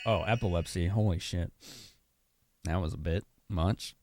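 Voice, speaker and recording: Chatty low-voiced male streamer. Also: unhurried, noisy background. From Chicago. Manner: chatty, laughs often, talks to chat. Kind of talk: casual live-stream commentary.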